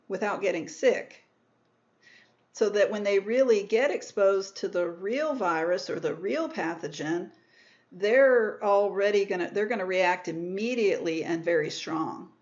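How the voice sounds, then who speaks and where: A woman's voice: mid-range voice, measured pace, a little mellow, muffled recording. A woman giving a recorded microbiology lecture, explaining step by step and rephrasing herself. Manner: explanatory, repeats and rephrases terms, self-corrects.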